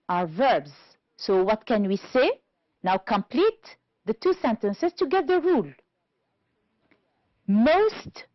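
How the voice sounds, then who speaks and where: Slow, lively Algerian woman teaching. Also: medium pitch, no echo. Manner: slow, clear teacherly delivery with lively intonation. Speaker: English teacher. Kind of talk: televised grammar lesson. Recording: dull, slightly lo-fi dry studio sound.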